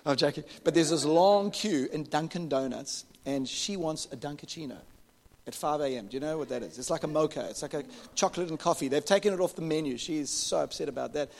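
Male pastor, slightly high voice, animated storytelling sermon, echoing hall. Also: fast, creaky. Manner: animated storytelling, jokes with the congregation. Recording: reverberant hall.

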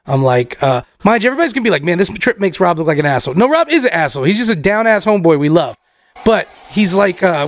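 A man co-hosting a podcast, telling a profane story in a casual, animated way and acting out his friends' lines. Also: high voice, fast, no echo.

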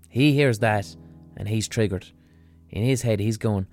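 A man's voice: lowish voice, normal speed, darkish tone, soft background music. A man hosting a podcast, explaining in a casual monologue in a blunt, profane way. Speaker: podcast host.

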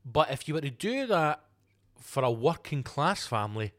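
A male podcast host goes it alone, ranting with lots of swearing and sarcasm, lurching from loud outbursts to low, muttered asides. His delivery is sing-song and his pace moderate.

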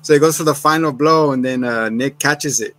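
A podcast co-host recaps an episode in casual chat, joking, swearing and acting out scenes in silly voices. His medium-pitched voice is brisk, pushed and bright, with soft music in the background.

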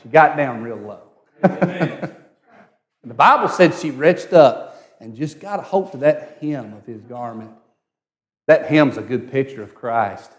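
A man preaching a sermon, telling a personal story and swinging from hushed, intimate tones to loud, excited cries. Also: mid-range voice, takes it slowly.

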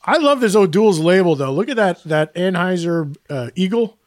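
A man with a somewhat high voice co-hosting a casual podcast, rambling along in a self-deprecating way and laughing through his own stories. The sound is dry and close, with no room echo. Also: animated, normal speed. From Greek heritage. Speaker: podcast co-host. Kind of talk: casual chat.

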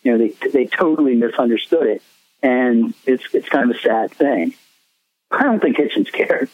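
A man's voice: medium pitch, moderate pace, no room sound. A man, a musician guest, telling rambling stories in a casual interview, laughing often. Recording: tinny phone line, dry.

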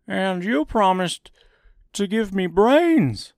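A man voicing a grieved straw man who speaks in a high, wailing way. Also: big pitch swings, slow pace, creaky, darkish tone, no echo, studio quality, full character voice. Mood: plaintive.

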